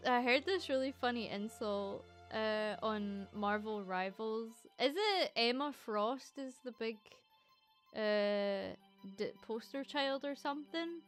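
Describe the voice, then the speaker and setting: A woman's voice: fairly high pitch, fairly bright tone. A Scottish woman streaming as a VTuber in casual, rambling chat, often swearing and breaking into laughter. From Scotland.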